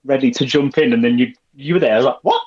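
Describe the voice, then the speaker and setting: A man's voice: mid-range voice, fast talker, a little mellow. A British man co-hosting a casual podcast, introducing guests in a playful, teasing way. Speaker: co-host. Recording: dull lo-fi sound.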